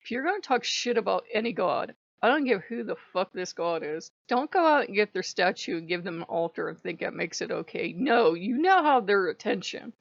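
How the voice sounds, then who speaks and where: A woman's voice: medium pitch, lively intonation, brisk, vocal fry, hardly any pauses, no echo. A woman ranting bluntly and with heavy profanity in a casual vlog, in a dull lo-fi recording. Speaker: vlogger.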